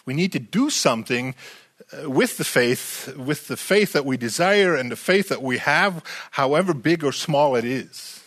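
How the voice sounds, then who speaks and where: A man preaching a sermon, animated and full of rhetorical questions to the congregation, often repeating words as he restarts. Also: mid-range voice, moderate pace.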